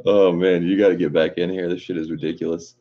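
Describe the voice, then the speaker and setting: A man's voice: deep voice, flat delivery, quick pace. A man hosting a casual livestream, reading viewer comments aloud with laughter and cursing. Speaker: livestream host. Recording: dull lo-fi stream audio.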